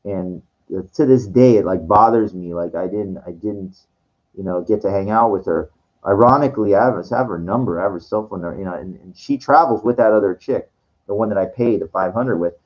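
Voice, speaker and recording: Rambling man with a low voice. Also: brisk, darkish tone. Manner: rambling, many fillers and restarts. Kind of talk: casual storytelling monologue. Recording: dull lo-fi recording.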